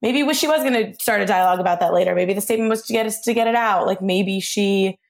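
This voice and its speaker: Woman, podcast host, casual chat, rambling, hedging, filler-heavy, mid-pitched voice. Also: fast, vocal fry.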